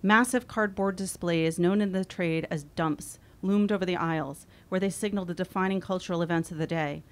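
A woman in her forties reading her own memoir aloud, wry and expressive. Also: fairly low pitch, brisk. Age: 40s. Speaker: author.

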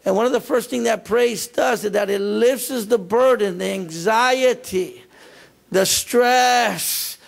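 A pastor preaching a sermon in a repetitive, emphatic way. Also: male voice, high-pitched, slow pace, gravelly.

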